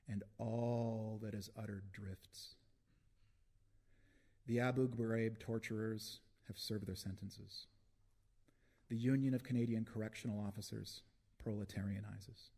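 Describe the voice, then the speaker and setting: Slow, deep-voiced man reading poetry. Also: a little mellow. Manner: slow, deliberate delivery with long pauses. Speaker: poet reading his work. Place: book launch reading before an audience.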